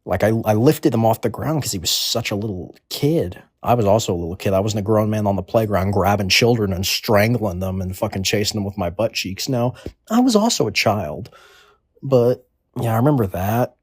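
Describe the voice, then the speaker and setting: A man's voice: lowish voice, expressive, fairly quick, breathy edge, dry recording, clean studio sound. A man in his twenties delivering a crude comedic monologue in a rambling, offhand way. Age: 20s. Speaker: comedic storyteller.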